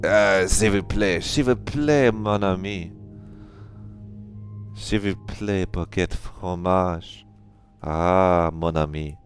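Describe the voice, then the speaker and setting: A man's voice: deep voice, faint music behind. A man putting on a hammy mock-French voice. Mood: teasing. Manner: exaggerated, drawn-out joke delivery. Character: hammy mock Frenchman, adult male, playful.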